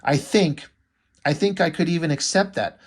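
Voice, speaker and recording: A guilt-ridden young husband wrestles with blame, as a man reads him off a comic page. The voice is a touch higher than the reader's usual and otherwise plain. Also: normal speed, slightly rough. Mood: guilty, desperate.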